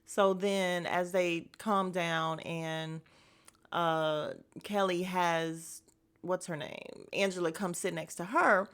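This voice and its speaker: Her voice sits on the low side, clear and resonant with a fairly bright tone, and she keeps a slow pace and fairly even intonation. She hosts a podcast recapping a reality show, chatting casually in a blunt, gossipy way full of slang and cursing, rambling with frequent fillers.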